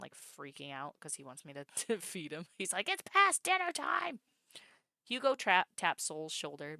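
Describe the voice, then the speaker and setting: A woman streamer reading a story game aloud, breaking off into excitable, swearing reactions. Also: low voice, no room sound.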